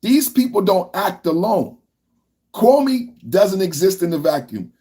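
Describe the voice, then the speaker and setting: A man's voice: sits high, big pitch swings, a little slow, mellow, breathy edge. A man hosting a political podcast livestream, ranting in a loose, repetitive way and talking to his chat. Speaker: podcast host.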